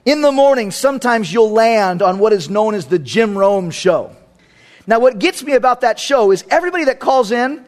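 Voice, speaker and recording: A man preaching a sermon as a pastor, emphatic and fond of repeating phrases for effect. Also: high voice.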